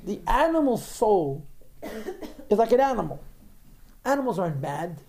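A man's voice: sits high, big pitch swings, moderate pace, gravelly, mellow. A man teaching a religious text, explaining in a digressive way with frequent repeated words. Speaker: Torah teacher.

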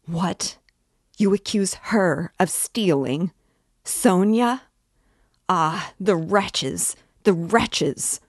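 A woman voicing a frantic, defiant mother in a storybook reading, with shrill outraged outbursts. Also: drawn-out words, no echo, studio quality, heavily acted.

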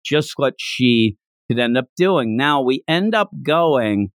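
A man's voice: mid-range voice, lively intonation, takes it slowly, clean tone, dry recording, studio quality. A man co-hosting a casual chat, animatedly retelling scenes and acting out the lines. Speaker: podcast co-host. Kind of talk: casual chat about a manga chapter.

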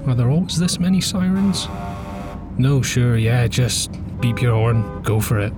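An actor playing a frustrated young podcaster, exasperated and sarcastic with deadpan asides. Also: male voice, mid-range voice, a little slow, over music, lightly acted. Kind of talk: comedy sketch acting.

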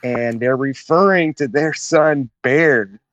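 A man's voice: mid-range voice, slow, fairly bright tone, no echo. Laid-back male guest, dull lo-fi sound. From Chattanooga, Tennessee, USA. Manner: rambling, laid-back storyteller, says "man" and "whatnot". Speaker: podcast guest, naval officer. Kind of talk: casual interview storytelling.

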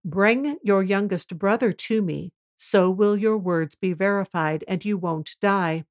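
A woman reading the lines of a stern male governor in a scripture reading, in a solemn, measured way. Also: medium pitch, close to an everyday voice. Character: stern male Egyptian governor testing his brothers.

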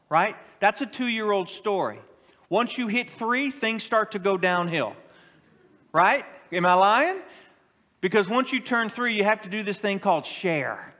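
A middle-aged male pastor with a high voice delivers a lively, joking sermon. He talks to his congregation and teases them. His words ring out with a long hall reverb. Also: unhurried. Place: church sanctuary with a congregation.

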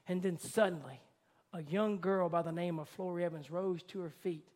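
A man with a notably high voice preaches a sermon from the pulpit. He drops to a hushed softness, then builds to a loud, climbing fervor. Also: normal speed, slight background noise. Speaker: pastor.

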